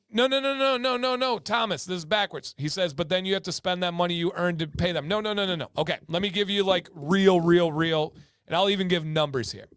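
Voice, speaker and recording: A man's voice: sits high, a bit bright, no room sound. A man hosting a casual livestream chat from a home studio, talking emphatically and repeating words for stress. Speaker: livestream host.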